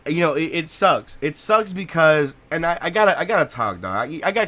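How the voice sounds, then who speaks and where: A man's voice: a little high, expressive, a little fast, pushed and bright. A young man hosting a let's play, giving a blunt, profane, repetitive rant about a game from his home gaming setup. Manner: blunt, profane, repeats himself when ranting. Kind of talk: gameplay reaction rant.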